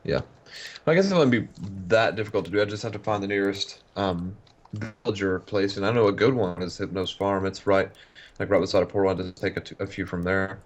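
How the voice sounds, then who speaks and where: Deep-voiced man on a muffled mic. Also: fairly quick. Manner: easygoing, rambling with many fillers. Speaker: guest player. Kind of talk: casual chat while playing a video game.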